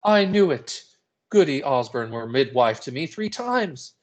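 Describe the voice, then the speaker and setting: A man voicing a fearful, grieving woman in a play reading, shrill and accusing. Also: sing-song, a little slow, a little mellow.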